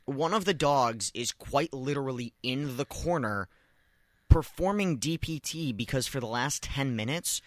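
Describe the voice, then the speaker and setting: A man's voice: medium pitch, unhurried, dry recording, studio quality. A man hosting a casual podcast, telling a long rambling story with lots of restarts and asides. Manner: animated, rambling with many restarts.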